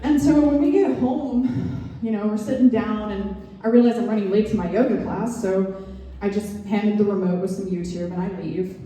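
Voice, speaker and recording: Woman comic, stand-up set, full of "um"s, warm and low-key, roomy live-club sound. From American South. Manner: halting, filler-heavy, dry self-mocking delivery. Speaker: stand-up comedian. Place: comedy lounge stage, live audience. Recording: roomy club echo, far mic.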